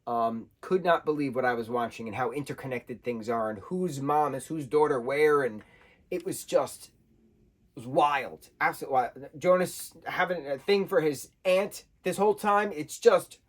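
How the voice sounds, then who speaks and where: A man giving an excitable, casual review monologue, peppered with slang and repeated exclamations. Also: fairly high pitch. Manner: excitable, animated, repeats slang like "bro" and "wild". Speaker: show reviewer.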